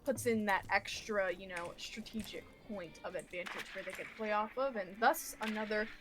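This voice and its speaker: A woman's voice: mid-range voice, moderate pace, music in the background. A woman co-casting a live esports match, giving casual, chatty color commentary on strategy. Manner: casual, chatty, laughs easily. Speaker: esports co-caster.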